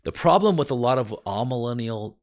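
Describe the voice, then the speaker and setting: A man's voice: mid-range voice, expressive, fast talker. An American man teaching from the Bible in an earnest, emphatic way, speaking straight to his viewers. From United States.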